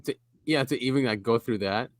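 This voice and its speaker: A man from the United States co-hosting a casual podcast. He rambles and reads bits of articles aloud. His pitch sits mid-range, and the sound is dry and close with no room echo. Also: a little fast. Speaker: podcast co-host. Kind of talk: casual chat.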